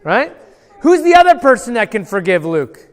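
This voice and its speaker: Man, pastor, children's sermon, playful, very lively pitch, long church hall reverb. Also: normal speed. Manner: playful and animated, questions the kids and acts out voices. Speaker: pastor telling a Bible story to children.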